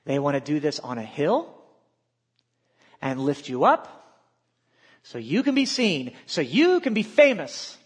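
A man preaching a sermon, reading scripture aloud and shifting between emphatic lines and quiet, low asides. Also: wildly swooping pitch, measured pace, long pauses, slightly rough. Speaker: pastor.

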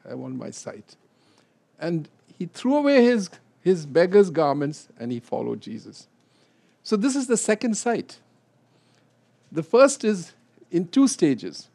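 A man leading a Bible study, explaining scripture and acting out quotes with a rising, animated voice. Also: sits high, a little slow.

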